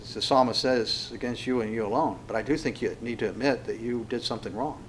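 A man of middle pitch preaches a conversational sermon. His talk is loose and folksy, with frequent fillers and restarts. When he quotes the verses, he slows down and lifts his voice. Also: a little hiss or hum. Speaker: pastor. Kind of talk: conversational sermon with scripture reading.

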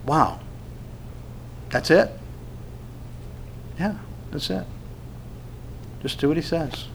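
Animated man preaching a sermon. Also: fairly high pitch, extremely slow, creaky, a little hiss or hum. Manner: animated preaching, acts out quoted dialogue, frequent restarts. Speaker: pastor.

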